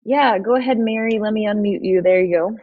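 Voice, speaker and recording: A woman's voice: medium pitch, fairly quick. A woman hosting a casual chat on a video call, thoughtful and searching for her words. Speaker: host. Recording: dull, lo-fi video call audio.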